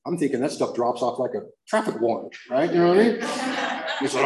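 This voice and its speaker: A middle-aged American man sharing his recovery story at a meeting, rambling and animated, often saying "you know what I mean" and "dude", his voice climbing high when he acts out shouting. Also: fast. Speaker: recovery speaker. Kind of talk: recovery share. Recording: echoey room.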